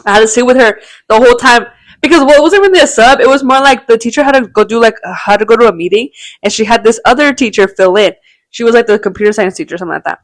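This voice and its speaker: A woman's voice: fairly high pitch, quick pace, dry recording. Slangy rambling young woman, dry sound. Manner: rambling, slangy, peppered with "bro" and swearing. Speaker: podcast co-host. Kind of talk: casual storytelling chat.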